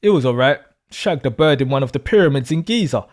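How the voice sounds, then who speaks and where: A man's voice: medium pitch, expressive, fast talker, pitched below the performer's own voice, lightly acted. A man voicing a crude, blunt young man who swears freely and mocks his friends. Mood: mocking.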